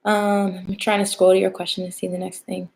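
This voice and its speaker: A woman's voice: mid-range voice, monotone, a little fast, gravelly, a little mellow. Chatty young woman reading tarot. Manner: chatty, playful, talks straight to viewers. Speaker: tarot reader. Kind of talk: casual livestream tarot reading.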